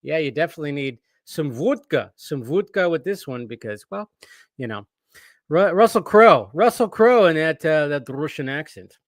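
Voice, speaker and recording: A man with a slightly high, expressive voice hosts a casual movie-news live stream at a moderate pace. He rambles, often restarts his sentences, and reads viewers' chat messages aloud. The studio-quality audio has no room sound.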